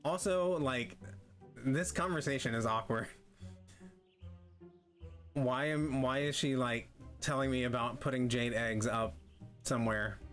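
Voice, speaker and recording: A man reading a game aloud and chatting about it in a relaxed, rambling way with lots of fillers. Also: medium pitch, a little slow, long pauses, faint music behind. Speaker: gameplay streamer. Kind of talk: casual let's-play commentary.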